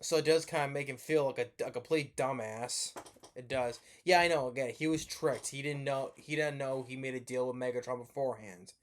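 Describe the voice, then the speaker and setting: A man's voice: medium pitch, a little fast. A man giving a rambling, profane movie review rant, sleepy and yawning as he talks, with lots of restarts.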